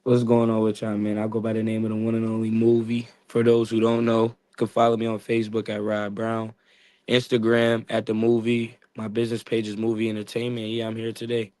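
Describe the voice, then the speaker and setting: A man's voice: lowish voice, completely flat delivery, a little fast, darkish tone, dry recording. A man from upstate New York, an event promoter, talking loosely as a guest and leaning on fillers like "you feel what I'm saying". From Niagara Falls, New York. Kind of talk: casual interview talk.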